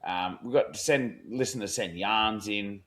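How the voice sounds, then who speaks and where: This Australian man, voice fairly low and a bit bright, tells an unhurried, lengthy yarn as a podcast co-host chatting casually. He swears, uses plenty of slang, and voices each character's lines himself.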